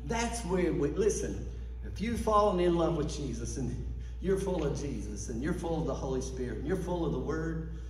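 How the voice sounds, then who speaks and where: A fairly high-voiced man preaching with fervor, calling for responses from the pews. He sounds far from the microphone, and his voice rings around a reverberant church sanctuary. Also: animated, moderate pace, darkish tone, slight background noise. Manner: fervent call-and-response preaching. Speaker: pastor. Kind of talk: sermon.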